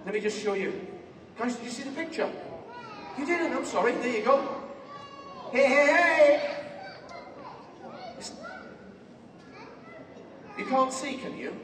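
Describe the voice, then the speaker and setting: A man's voice: very high voice, lively intonation, moderate pace, pauses often, distant mic, slight background noise. Playful man doing a kids' magic show. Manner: playful and exaggerated, yelps in mock pain. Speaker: children's magician. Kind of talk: live stage magic show for children. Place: large theatre stage before a crowd. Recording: roomy hall with loud crowd, miked from afar.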